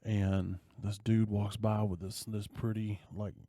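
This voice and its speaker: A man with a low, mellow voice retells a movie plot on a podcast in casual chat. He is animated, slipping into the characters' lines as he goes. The sound is dry and close to the mic. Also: measured pace, no echo. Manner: animated storyteller, acting out quoted lines. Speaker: podcast co-host.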